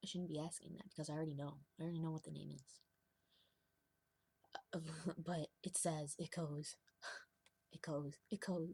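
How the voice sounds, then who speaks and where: A young woman talks to camera in a loose, confessional ramble, often laughing and sinking into a whisper. Her voice sits low and slightly husky. The sound is dry and close, with no room around it. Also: flat delivery, moderate pace, long pauses, dark tone, dry recording. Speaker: vlogger. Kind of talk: confessional casual monologue.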